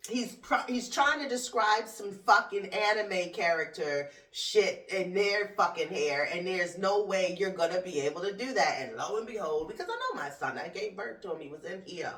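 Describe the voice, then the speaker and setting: Animated, profane woman ranting, echoey room. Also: medium pitch, moderate pace, few pauses. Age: adult with a school-age son. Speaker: podcast host. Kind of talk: casual comedic rant. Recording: roomy echo, distant from mic.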